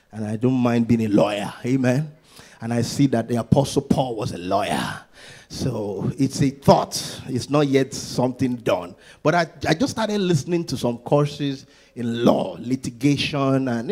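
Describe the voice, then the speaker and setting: A preaching man shifts back and forth from loud, sung exclamations to low conversational asides during his sermon, often repeating words and restarting his phrases.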